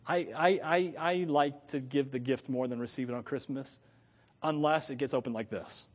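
A man from the United States preaching a sermon in an animated way, thinking aloud and correcting himself as he goes. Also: medium pitch, moderate pace, in a large hall. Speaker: pastor.

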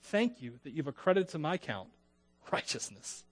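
A man preaching a sermon, conversational and lively, acting out the voices of the people in his text and joking with his listeners. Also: fairly high pitch, normal speed, breathy edge. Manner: animated, acts out biblical voices. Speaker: pastor.

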